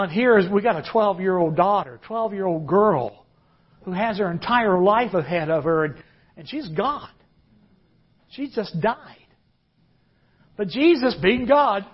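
A man preaching a sermon, earnest, drawing out key phrases slowly. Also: high-pitched, slightly rough. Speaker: pastor. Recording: dull lo-fi recording.

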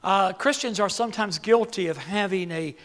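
An older man preaching a sermon, halting and repeating words, then building to emphatic peaks. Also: high voice, fairly bright tone.

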